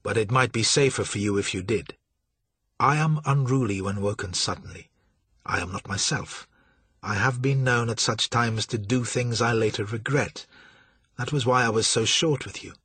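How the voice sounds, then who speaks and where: A cold, menacing pale stranger, as a man puts him on, speaking low, slow and formal. His voice drops into a husky hush. The sound is close and dry. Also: dry recording. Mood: stern.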